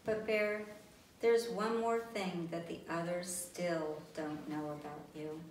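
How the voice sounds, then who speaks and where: A woman's voice: on the low side, fairly even intonation, takes it slowly, a little mellow. A woman voicing a kind, hopeful young female character, encouraging in tone, in a storybook reading. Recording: roomy, distant, faint background noise.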